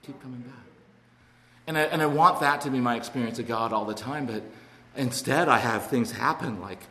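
A man's voice: mid-range voice, a little fast, bright, forceful tone. A middle-aged man from Alabama, speaking earnestly to an audience about his recovery, with many restarts and acted-out voices. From Alabama, USA. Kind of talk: personal talk to an audience. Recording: echoey hall with long reverb and faint noise.

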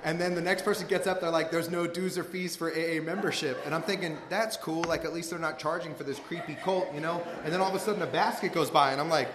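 Stand-up comic, male, Southern Californian accent, slightly high voice, loose rambling delivery, live room with echo and crowd noise. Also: fairly even intonation, fast, few pauses. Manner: loose, rambling, laughs at his own jokes. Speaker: stand-up comedian telling a recovery story. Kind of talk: stand-up storytelling. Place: stage before a live audience. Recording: echoey live room recording.

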